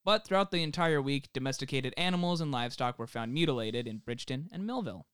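A man's voice: medium pitch, expressive, fast, a bit bright, clean tone, no echo, studio quality. A young man co-hosting a podcast from home, reading a story from notes with jokey asides. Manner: reads steadily, breaks into laughing jokes. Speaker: podcast co-host presenting the story. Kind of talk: reading researched notes with banter. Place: home, self-isolating.

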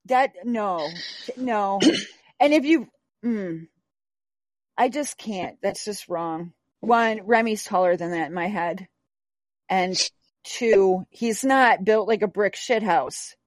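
A woman's voice: medium pitch, takes it slowly, dry recording. Woman hosting a podcast, blunt and sweary, plain dry room sound. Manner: blunt, emphatic, swears freely. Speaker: podcast host. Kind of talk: casual chat.

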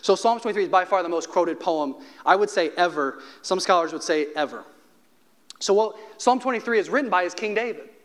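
Higher-voiced man preaching a sermon. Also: animated, a bit bright. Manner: conversational preaching with humor and slowed emphasis. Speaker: pastor.

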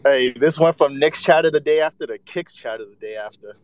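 A man's voice: on the high side, fairly quick, no echo. A man in a casual live-audio chat, protesting playfully and laughing along with the teasing. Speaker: podcast co-host.

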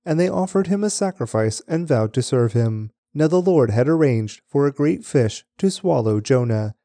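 A man reading scripture aloud for a daily podcast, with a measured, even delivery. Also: mid-range voice, dry recording.

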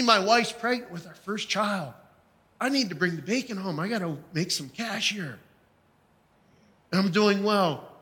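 A man's voice: high-pitched, bright, forceful tone. A man preaching a sermon, telling his own story with emphatic, heartfelt delivery. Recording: long hall reverb.

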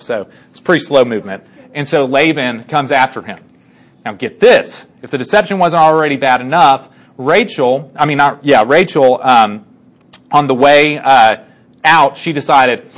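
A man casually retelling a Bible story to a group as their teacher, animated and chatty, with many fillers and asides. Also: medium pitch.

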